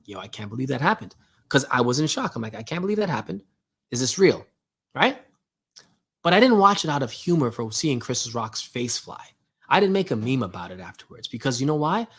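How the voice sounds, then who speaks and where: A man's voice: mid-range voice, breathy edge. Man preaching with rhetorical questions. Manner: preachy, rhetorical questions, addresses listeners directly. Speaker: host. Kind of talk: casual motivational talk.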